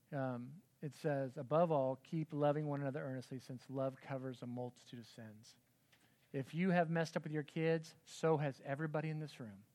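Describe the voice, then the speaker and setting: A man's voice: fairly high pitch, a little mellow. Earnest middle-aged male pastor. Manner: earnest, conversational, many asides and quoted dialogue. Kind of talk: church talk to parents.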